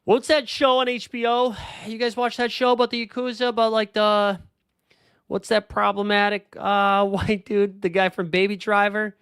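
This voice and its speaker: A man's voice: high voice, flat delivery, normal speed, a bit bright, smooth, dry recording, studio quality. A man hosting a fantasy sports livestream in a casual, rambling way, thinking aloud as he answers chat comments. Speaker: livestream host.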